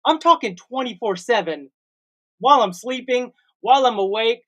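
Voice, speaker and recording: A man's voice: very high-pitched, lively intonation, normal speed, a bit bright. A man in his forties, co-hosting a casual comedy podcast, telling a long rambling story with made-up sound words. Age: 40s. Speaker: co-host.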